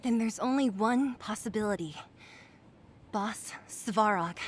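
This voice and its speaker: An actress playing a brisk, take-charge young woman in a video game, commanding and urgent. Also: mid-range voice, lightly acted.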